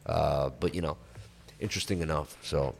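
A man hosting a crypto livestream, chatting casually and reading viewer messages in a relaxed, rambling way with lots of fillers. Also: a bass voice, moderate pace, creaky. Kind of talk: casual livestream chat reading super chats. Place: on vacation in Florida.

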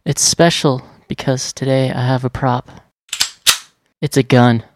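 A man hosts a podcast in a profane comedic rant, exasperated and swearing nonstop. His voice sits at an ordinary middle pitch. The sound is dry and close, with no room around it. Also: fairly even intonation, a little slow, pauses often, no echo. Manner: crude, exasperated, swears constantly. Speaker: podcast host.

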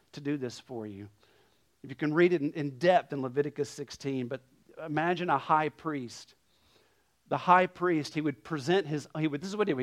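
A male guest pastor preaching a sermon, telling a story with lively swings between loud emphasis and hushed asides. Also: on the high side.

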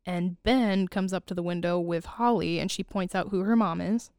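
Woman podcast co-host, smooth clear voice, dry close mic, chatty plot recap. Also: lowish voice, moderate pace, no echo. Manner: animated storyteller, laughs often, quotes characters. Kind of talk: casual movie recap chat.

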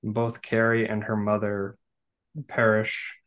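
A man co-hosting a podcast, calmly recapping a film's plot with dry jokes. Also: fairly low pitch, takes it slowly. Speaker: podcast co-host. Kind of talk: casual film discussion.

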